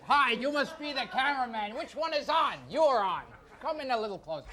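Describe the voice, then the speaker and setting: Comedian man, thirties, screechy high voice, mock-outraged rants; TV studio with audience laughter and background noise. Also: expressive, fairly quick, hardly any pauses. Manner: shrill yelling, mock-exasperated rants. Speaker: comedian guest. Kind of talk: stand-up style talk show banter. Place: TV studio stage.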